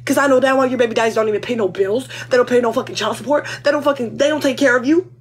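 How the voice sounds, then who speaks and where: Husky-voiced woman livestreamer swearing playfully. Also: on the high side, very fast. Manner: foul-mouthed, playful mock-arguing. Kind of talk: casual livestream chat.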